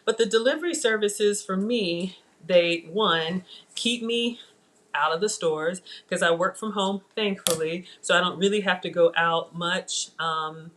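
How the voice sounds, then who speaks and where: A woman's voice: lowish voice, a little slow, fairly bright tone. A middle-aged woman hosting a casual live cooking demo from her home kitchen, talking to viewers in a chatty, digressive way. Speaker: cooking show host.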